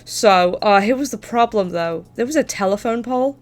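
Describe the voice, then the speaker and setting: A woman's voice: medium pitch, normal speed. A young adult woman streamer telling a story in casual chat, swearing freely and laughing as she talks. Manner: chatty, swears, laughs through her story.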